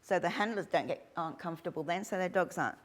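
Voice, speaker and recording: A woman's voice: fairly low pitch, quick pace, a little hiss or hum. A middle-aged woman giving a chatty workshop talk to dog training instructors. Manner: chatty, animated, acts out little quotes.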